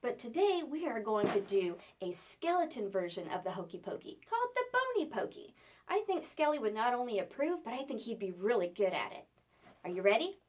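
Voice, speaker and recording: Animated woman reading to children. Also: on the high side, brisk, a little hiss or hum. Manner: animated, playful, addresses children. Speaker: children's librarian. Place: public library.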